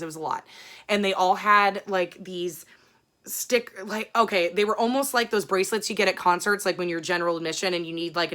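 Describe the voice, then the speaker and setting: A woman's voice: fairly low pitch, fairly bright tone. A woman chatting casually to her viewers in a rambling, frank way, swearing freely. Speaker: book vlogger. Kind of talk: casual chat.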